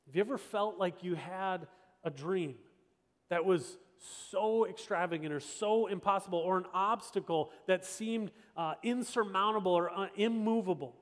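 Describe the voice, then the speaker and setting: Male pastor with a high voice, conversational and emphatic, preaching a sermon, recorded with long church reverb. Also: normal speed. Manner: conversational, emphatic, repeats rhetorical questions. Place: church sanctuary.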